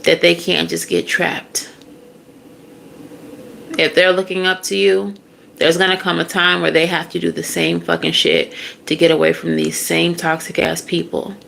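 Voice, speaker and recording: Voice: medium pitch, little pitch movement, normal speed, creaky, a bit bright, a little hiss or hum. A tarot reader giving a casual, blunt, profane reading straight to the listener.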